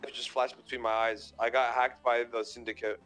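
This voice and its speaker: A man roleplaying on a game call, talking in a flat, matter-of-fact way. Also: mid-range voice, fairly quick, rough recording. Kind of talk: casual in-character roleplay chat. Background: faint music.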